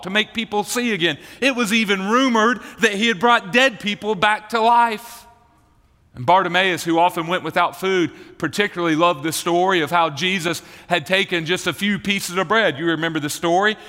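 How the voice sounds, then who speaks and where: A man's voice: high-pitched, sharp tone, long reverb tail. A male pastor preaching a sermon, telling the story vividly and speaking to the children in the congregation. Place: church.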